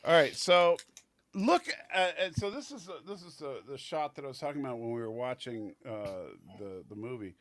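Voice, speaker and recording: Bright-voiced chatty man. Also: mid-range voice, animated, moderate pace. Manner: chatty, enthusiastic, joking. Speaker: panelist. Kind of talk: casual panel chat.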